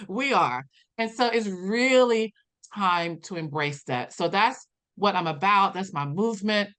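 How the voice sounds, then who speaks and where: A woman guest on an interview podcast, telling her story in a lively way and acting out the dialogue she quotes. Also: unhurried. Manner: animated, acts out quoted dialogue with big pitch jumps. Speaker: podcast guest, personal development coach.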